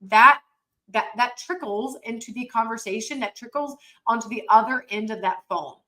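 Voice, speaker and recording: Brief: upbeat woman sales trainer, emphatic coaching delivery, crisp bright tone, webinar mic. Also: fairly high pitch, normal speed, poor audio. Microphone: computer mic on a webinar.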